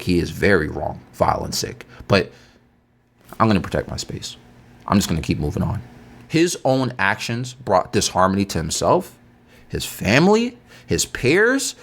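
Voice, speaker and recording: A man hosting a podcast, talking to his listeners in a heated monologue. He is agitated, swinging between loud outbursts and slow preaching. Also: lowish voice. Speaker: podcast host.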